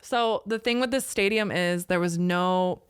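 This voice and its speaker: A woman in her thirties, a podcast guest telling a story in casual chat, animated and profane, acting out what people said. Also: fairly low pitch, unhurried, smooth, no echo. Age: 30s. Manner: animated storyteller, swears freely, acts out quotes.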